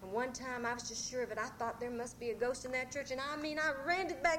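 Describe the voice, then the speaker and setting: A woman telling folk tales live to an audience in a church, animated and drawling. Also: sits high, fast talker, hardly any pauses, a little hiss or hum. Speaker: storyteller.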